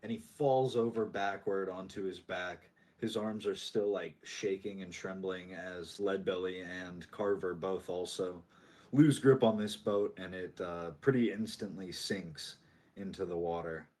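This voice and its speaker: A man's voice: deep voice, measured pace, darkish tone. A young man narrating a tabletop game as game master, casual and full of fillers.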